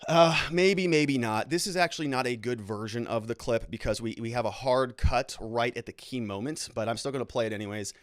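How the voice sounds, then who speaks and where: A man's voice: mid-range voice, fairly quick, few pauses, dry recording, clean studio sound. A man hosting a casual legal commentary show, chatty and amused, talking straight to his viewers. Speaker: lawyer and show host.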